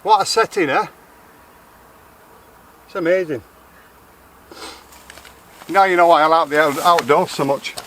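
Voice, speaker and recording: A man's voice: a little high, big pitch swings, unhurried, gravelly, long pauses, fairly bright tone. A man from Lancashire rambling chattily in a casual outdoor vlog, correcting himself as he goes. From Lancashire, England. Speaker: vlogger. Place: outdoors in a garden.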